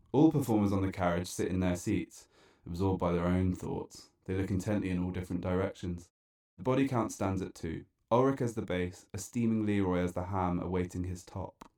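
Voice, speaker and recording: A man narrating a dark, absurd spoken-word story in a deadpan, wry and theatrical way. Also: sits low, moderate pace.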